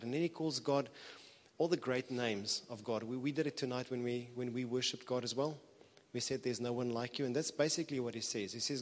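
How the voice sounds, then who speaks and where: A man preaching a sermon in a conversational, earnest way, with animated bursts of emphasis. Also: mid-range voice, normal speed. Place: church hall. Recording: reverberant hall.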